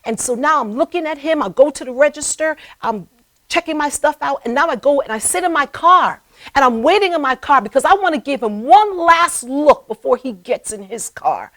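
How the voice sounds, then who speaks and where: A middle-aged woman host relates a personal story in an animated way. Her voice sits fairly high and moves over a wide range of pitch, acting out the voices as she goes. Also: normal speed, rough recording. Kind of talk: storytelling talk. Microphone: live stream.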